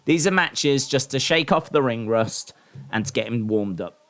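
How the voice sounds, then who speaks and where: A man's voice: mid-range voice, animated, normal speed, fairly bright tone. A man hosting a casual live stream, talking in a rambling, opinionated way with lots of ums and restarts. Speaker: live-stream host reacting to wrestling and boxing.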